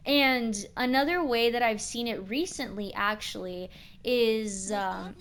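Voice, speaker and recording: A young adult woman streaming a game and chatting casually, expressive and slangy, swearing freely. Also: fairly high pitch, unhurried, a little hiss or hum. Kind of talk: casual chat while gaming.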